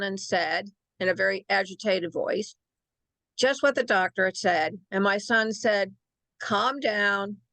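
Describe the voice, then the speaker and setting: A woman's voice: mid-range voice, gravelly, a bit bright, no echo. An older woman, a show guest, telling her story of caring for her husband in a plainspoken, wry way. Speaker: guest caregiver. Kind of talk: personal story on a talk show.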